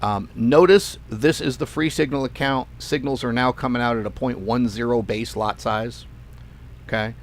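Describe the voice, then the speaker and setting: A man's voice: mid-range voice, normal speed. Chatty man walking through trading results. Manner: chatty, emphatic repetition, loose and offhand. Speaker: forex trading channel host. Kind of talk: casual live screen-share walkthrough.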